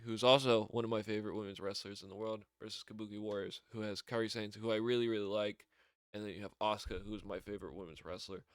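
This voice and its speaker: A man casually recapping a wrestling show on his own, excitable and rambling, with lots of fillers, restarts and laughter. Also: on the low side, clear, resonant tone, dry recording, studio quality.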